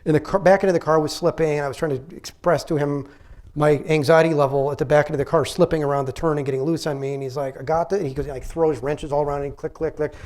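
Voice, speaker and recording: A man's voice: a little high, steady tone, fast, a little mellow. Middle-aged man giving a casual lecture. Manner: conversational, rambling, frequent restarts. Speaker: physician giving a public lecture. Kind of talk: informal lecture with anecdotes. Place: public library talk.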